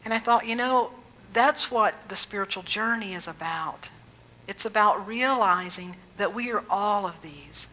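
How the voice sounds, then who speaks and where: Lady pastor preaching, soft storytelling manner, pretty bright voice. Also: mid-range voice, low-quality recording. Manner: gentle, reflective storytelling with slowed emphasis. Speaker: minister. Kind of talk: sermon.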